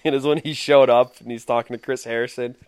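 A man's voice: mid-range voice, fairly even intonation, quick pace, darkish tone, clean tone, no room sound. A man co-hosting a casual podcast chat, amused and laughing as he reads out quotes. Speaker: podcast co-host.

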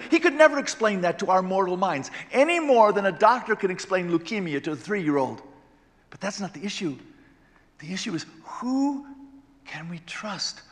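A man pastor preaching a sermon, swinging from loud exclamations to hushed storytelling. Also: sits high, long reverb tail.

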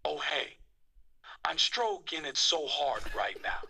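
A man putting on a creepy, breathy male phone caller with a low voice. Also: very animated, takes it slowly, bright, forceful tone, a little hiss or hum, heavily acted. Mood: eager.

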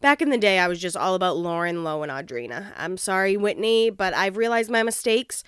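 Woman, TV recap host, casual commentary, blunt and opinionated, clean smooth voice. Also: medium pitch, animated, fairly quick, dry recording, studio quality. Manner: blunt, opinionated and profane, with laughs.

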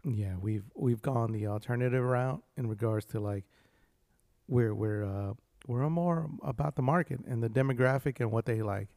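Gravelly man joking on a podcast. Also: medium pitch, moderate pace, dark tone, no room sound, clean studio sound. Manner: joking, laid-back, rambling. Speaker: guest from a spirits company. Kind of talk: casual podcast chat. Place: podcast studio.

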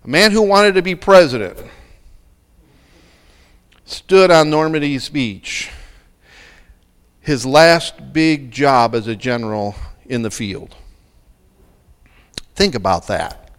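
A man's voice: mid-range voice, lively intonation, takes it slowly, long pauses, clean tone, long reverb tail. A man preaching a sermon, dramatic and full of rhetorical questions. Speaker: pastor.

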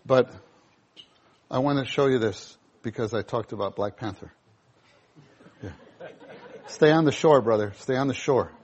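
A male preacher giving a sermon, animated, acting out scenes in voices. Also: medium pitch, a little slow, pauses often, breathy edge.

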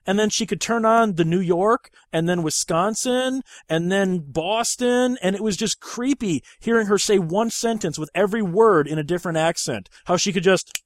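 A man's voice: high-pitched, normal speed, few pauses, no room sound. A man hosting a podcast, chatting casually about movies, rambling and swearing freely. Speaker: podcast host.

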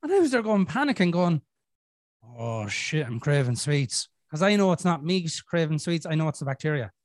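A man's voice: high voice, fast, no room sound, studio quality. A middle-aged Irish man hosting a podcast, telling a story in casual chat, swearing a lot and acting out his inner voices. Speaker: podcast host.

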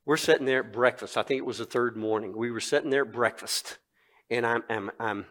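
Older pastor with a bright, forceful voice. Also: male voice, mid-range voice, brisk. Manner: animated storytelling, then earnest scripture reading. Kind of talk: sermon.

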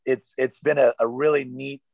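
A man's voice: mid-range voice, fairly even intonation, normal speed, creaky, a little mellow, no echo, rough recording. A man chatting as a podcast guest, rambling and self-deprecating with lots of fillers. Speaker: guest actor. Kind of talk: casual podcast chat.

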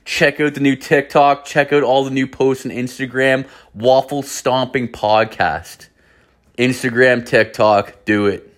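A man's voice: medium pitch, steady tone, unhurried. A man from Canada hosting a solo podcast, telling a story in a rambling, heavily profane way, full of "like" and restarts. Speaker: podcast host.

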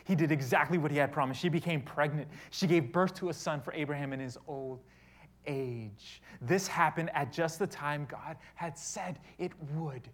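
A man preaching a sermon, retelling a story with dramatic shifts between loud and soft delivery. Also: on the high side, moderate pace. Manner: dramatic storytelling, voicing quoted speech, big swings in loudness. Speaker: pastor.

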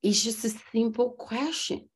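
Earnest Brazilian-accented woman, husky voice. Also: measured pace. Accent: Brazilian Portuguese. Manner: earnest and animated, acts out dialogue in a high voice. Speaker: podcast guest, coach. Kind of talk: casual interview talk. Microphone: video call.

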